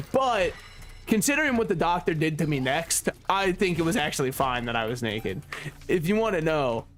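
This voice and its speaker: A man's voice: a little high, fairly bright tone. A man streaming a video game, rambling and joking with frequent swearing. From United States. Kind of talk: casual gameplay commentary.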